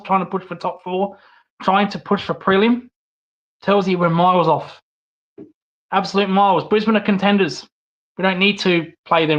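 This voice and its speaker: A man's voice: a little high, a bit bright, lo-fi sound. A young man hosting his own vlog, talking bluntly and casually about his football club with fillers, restarts and the odd swear. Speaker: vlog host and football fan. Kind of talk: casual opinionated monologue.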